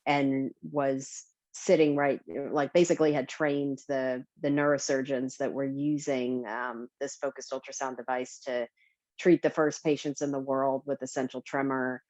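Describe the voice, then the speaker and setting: A woman's voice: rumbling low, level tone, moderate pace, a little mellow, no room sound. A woman speaking as a panelist on a video call, with a hesitant manner and many fillers. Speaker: panelist, biomedical engineer. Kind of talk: casual panel talk. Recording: dull lo-fi webinar audio.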